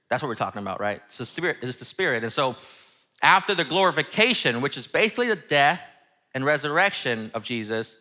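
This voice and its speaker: A man giving a relaxed, slangy, enthusiastic sermon, reading scripture and explaining it to his church. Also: medium pitch, fairly quick. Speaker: pastor.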